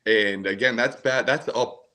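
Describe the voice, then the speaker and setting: A man's voice: mid-range voice, measured pace, sharp tone, low-quality recording. A man from Maine calling in to a podcast, chatting in an easygoing, rambling way. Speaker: caller. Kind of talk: casual call-in chat.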